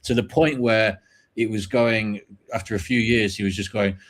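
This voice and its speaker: A man co-hosts a casual online chat, telling rambling anecdotes in a low, easygoing voice. His talk wanders from one detail to the next. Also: fairly even intonation, normal speed. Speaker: co-host.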